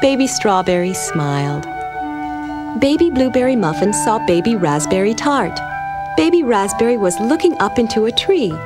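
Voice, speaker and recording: Expressive woman reading a children's story. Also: medium pitch, moderate pace, over music. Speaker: narrator.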